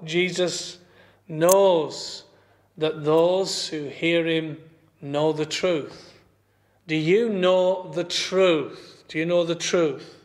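An older man from England preaching a sermon as pastor, earnest and emphatic, repeating and slowing on key phrases. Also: on the high side. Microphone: streamed church service.

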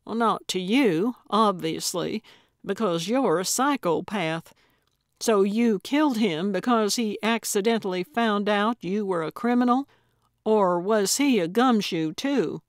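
A woman's voice: medium pitch, a little slow, dry recording, studio quality, natural voice. Woman doing a feisty old lady sleuth. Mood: sardonic. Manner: blunt, sarcastic. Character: elderly woman sleuth, feisty and sharp-tongued.

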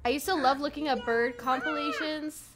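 A woman's voice: high-pitched, huge pitch swings, moderate pace, loud music behind the voice. A young woman hosting a reaction video, gushing and giggling over pets as she comments on them. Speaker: host reacting to pet videos.

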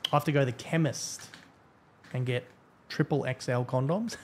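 A man's voice: medium pitch, slow pace, pauses often, a little mellow, a little hiss or hum. A young man streaming a game, chatting casually, swearing often, blunt and grumbling between laughs. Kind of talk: casual live-stream chat while gaming.

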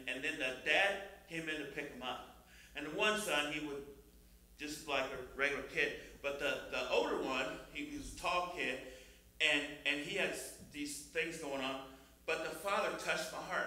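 A man's voice: on the high side, sharp tone, very echoey, recorded from a distance. An older man from Missouri sharing a testimony in church, building to fervent praise. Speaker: church member leading testimony time. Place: church sanctuary.

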